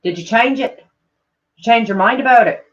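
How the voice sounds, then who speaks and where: A woman's voice: a little high, a little fast, pitched above the performer's own voice, close to an everyday voice. A woman trying out a wobbly Scottish accent, on a dull lo-fi recording. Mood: tentative. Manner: slips into Irish-sounding twang. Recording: dull lo-fi sound.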